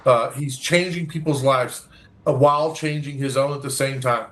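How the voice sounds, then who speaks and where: A man's voice: mid-range voice, fairly even intonation, moderate pace, fairly bright tone. A man, a guest from a recovery organization, telling an earnest story in an interview, acting out dialogue and often restarting his sentences.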